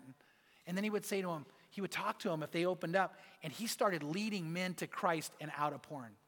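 A man's voice: high voice, normal speed, sharp tone. A man preaching a sermon as pastor, telling a story in an earnest, emphatic way. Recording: long reverb of a large hall.

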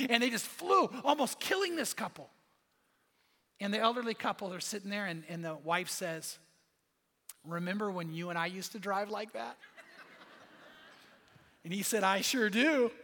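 A man's voice: sits high, sharp tone. A man preaching a sermon, telling stories and quoting dialogue with emphatic repetitions. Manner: storytelling with quoted voices, emphatic repetitions. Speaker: pastor. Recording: long hall reverb.

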